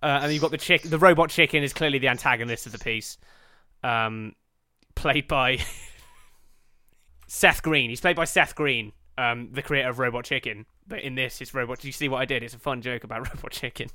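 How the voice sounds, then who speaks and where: A man's voice: medium pitch, normal speed, bright, forceful tone, dry recording, clean studio sound. A man co-hosting a comedy podcast, riffing crudely and laughing as he swears freely through the banter. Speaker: podcast co-host.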